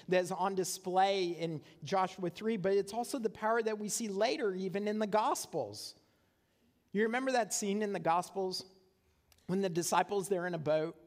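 A male pastor with a high voice preaches in a large church sanctuary, keeping it conversational and often checking in with the congregation with "right?".

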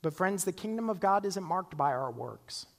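A man's voice: high-pitched, lively intonation, moderate pace, gravelly, in a large hall. A man pastor preaching a sermon, conversational, asking the congregation rhetorical questions and acting out the voices of grumblers.

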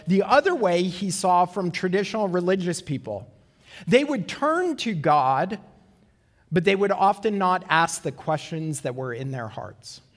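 A man preaching a sermon in an earnest way, asking rhetorical questions and slowing down for emphasis. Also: fairly high pitch, big-room sound. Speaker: pastor.

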